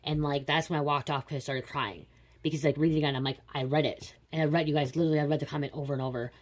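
A woman's voice: low voice, fairly even intonation, very fast. A woman in her late thirties doing a casual psychic reading, rambling and confiding with casual swearing. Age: 30s. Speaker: tarot reader.

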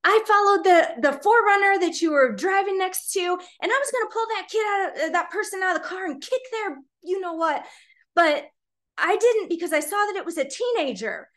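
A woman acting out a big, tough-looking man who is furious and shouting. The voice sits far above his natural range and comes out pitched up and pushed. He is agitated the whole way through. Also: expressive, slow, few pauses, heavily acted. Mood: angry. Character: angry burly man yelling about reckless driving.

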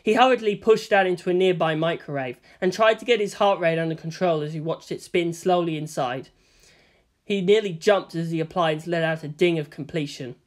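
A woman narrating a fan fiction story in an expressive storytelling manner. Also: fairly low pitch, brisk.

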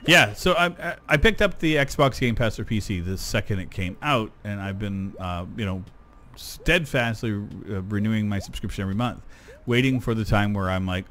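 A man's voice: lowish voice, expressive, moderate pace, a bit bright. A man hosting a gameplay video, chatting casually in a rambling, self-deprecating way with lots of ums and uhs. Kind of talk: casual gaming commentary.

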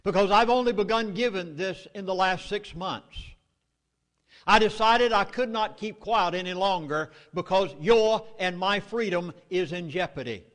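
A man's voice: sits high, unhurried, a bit bright, long reverb tail. A middle-aged man with a Southern US accent gives a public speech at a meeting, delivering urgent, emphatic warnings. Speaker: speaker addressing a meeting.

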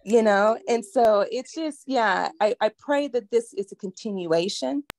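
A woman in her forties sharing her experience on a video call, speaking earnestly and getting emotional, with halting pauses. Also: a little high, darkish tone. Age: 40s. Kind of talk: emotional personal testimony.

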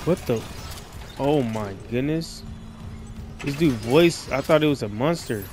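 A man giving casual, slangy commentary while playing a horror game in a dark room at night, yelping when startled. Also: medium pitch, animated, unhurried, over music. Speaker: gaming streamer. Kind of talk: casual let's-play commentary.

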